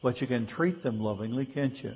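A man's voice: medium pitch, fairly quick, husky, highs cut off. A male pastor preaching a sermon in a conversational way, asking his congregation rhetorical questions.

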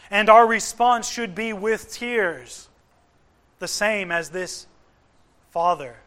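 A male preacher delivers a sermon in an earnest, emphatic style. His voice sits high and sounds bright, and he speaks slowly with deliberate pauses.

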